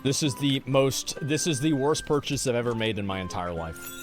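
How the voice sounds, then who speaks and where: A man's voice: medium pitch, animated, moderate pace, soft background music. A man in his thirties streaming from home, chatting casually and reacting to chat in a brash, profane, rambling way.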